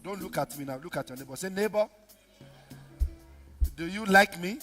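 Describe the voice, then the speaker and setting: A man preaching in a big church hall, his voice pitched unusually high and swinging widely as he acts out scenes. He jumps from shouted lines to quiet mutters. Long reverb and faint music sit behind him. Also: lively intonation, moderate pace. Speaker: pastor. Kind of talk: sermon.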